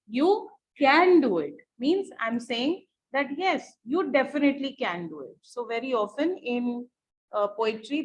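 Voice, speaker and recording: A woman with an Indian English accent teaching an online English class, repeating each phrase slowly for students to underline. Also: a little high, a little hiss or hum. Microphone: computer or headset mic on a video call. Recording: dull lo-fi online call audio.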